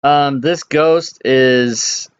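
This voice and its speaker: A man running a tabletop game as dungeon master, reading out scenes in a relaxed, halting way with many fillers. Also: mid-range voice, clean tone. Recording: dull lo-fi mic.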